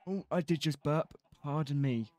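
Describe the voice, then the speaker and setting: A man's voice: a little high, moderate pace, darkish tone, no echo. A man streaming a building game, rambling casually, swearing freely and laughing often. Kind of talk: casual livestream commentary while gaming.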